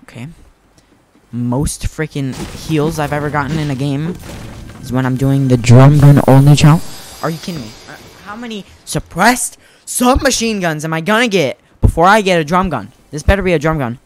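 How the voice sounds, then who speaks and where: Excitable young man, lively high voice. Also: normal speed, slight background noise. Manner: excitable, self-mocking, repeats phrases. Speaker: gaming YouTuber. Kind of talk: casual gameplay commentary.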